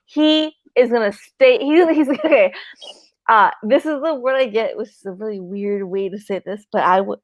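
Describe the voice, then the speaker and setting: A woman's voice: fairly high pitch, no room sound. Emphatic swearing woman hosting a livestream. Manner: emphatic, swears freely, repeats herself. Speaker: livestream host and medium. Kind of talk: casual livestream chat.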